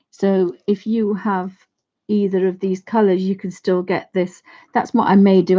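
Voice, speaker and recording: A woman's voice: medium pitch, dark tone, muffled recording. A woman teaching watercolour on a casual live stream, chatting and thinking aloud to her viewers as she paints. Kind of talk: casual live craft demonstration.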